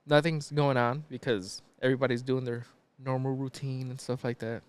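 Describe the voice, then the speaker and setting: Podcast dude recapping a movie plot, cussing, chill, lots of um and you know. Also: male voice, mid-range voice, flat delivery, moderate pace, clear, resonant tone. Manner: profane, laid-back storytelling with lots of fillers. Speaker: podcast co-host. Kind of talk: casual chat retelling a movie plot.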